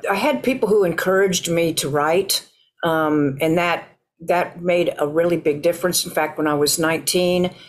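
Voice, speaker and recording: An author reflects on what encouraged their writing. The speech is hesitant, with many ums and restarts. The voice sits at a middle pitch. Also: normal speed. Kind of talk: reflective interview answer.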